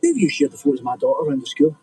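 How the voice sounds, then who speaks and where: An actor playing a police officer and father who threatens teenage boys with slow, deliberate menace. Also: mid-range voice, big pitch swings, dark tone, slightly rough, poor audio. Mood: menacing. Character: protective cop father threatening teen boys.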